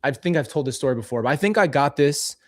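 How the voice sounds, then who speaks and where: A man's voice: fairly high pitch, animated, fast. A man talking casually and candidly to camera as a vlogger, commenting on old clips of himself with frequent restarts.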